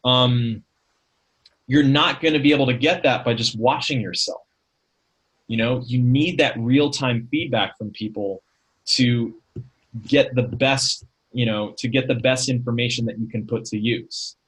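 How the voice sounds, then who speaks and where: Man casually teaching a pitching webinar. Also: unhurried, fairly bright tone, husky, poor audio. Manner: conversational, many fillers and rhetorical questions. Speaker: talent manager teaching a webinar. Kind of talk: casual instructional talk.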